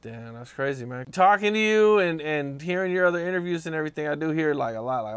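A man's voice: fairly high pitch, animated, quick pace, smooth. A man hosting an interview, asking short plain questions and reacting briefly.

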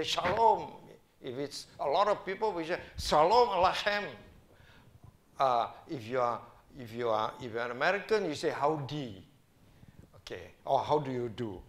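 A middle-aged man, a senior pastor preaching a sermon and reading scripture aloud with slow emphasis. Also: fairly high pitch.

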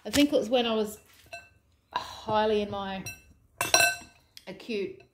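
A woman's voice: medium pitch, slow pace, heavy background noise. Chatty Australian woman in an echoey kitchen. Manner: chatty, thinks aloud, self-deprecating asides. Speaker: vlogger. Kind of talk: casual cooking vlog chat. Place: home kitchen. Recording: echoey kitchen with dish clatter.

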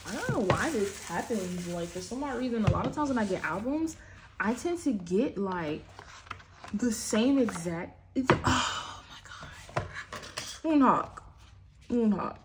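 A woman's voice: mid-range voice, expressive, normal speed, heavy background noise. A young woman chatting casually while unboxing, often trailing off mid-sentence. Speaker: album unboxing vlogger.

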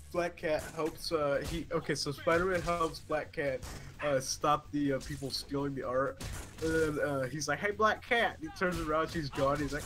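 A man's voice: a little high, bright, forceful tone. A young man co-hosting a casual let's-play, rambling with many fillers and easy laughter. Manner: rambling, giggly, lots of fillers. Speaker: gamer co-host.

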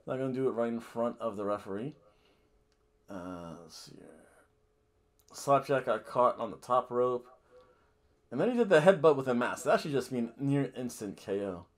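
Rambling guy recapping wrestling. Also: medium pitch. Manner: rambling, self-correcting, jokey asides. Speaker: wrestling podcast host. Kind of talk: casual show recap.

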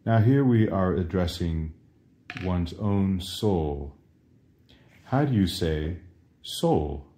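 Very slow, deep-voiced Latin tutor. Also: male voice, animated, mellow. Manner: patient, repeats each phrase as a question and answer. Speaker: Latin teacher. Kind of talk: slow drill-style language lesson.

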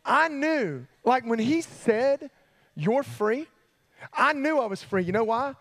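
A man telling a sermon story to students, animated, jumping between hushed asides and excited yelps. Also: very high voice, measured pace. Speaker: youth pastor. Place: church hall.

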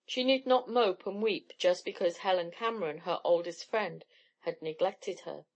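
A woman reading a novel aloud in steady, expressive storytelling. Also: fairly low pitch, moderate pace. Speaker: audiobook narrator. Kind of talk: scripted narration.

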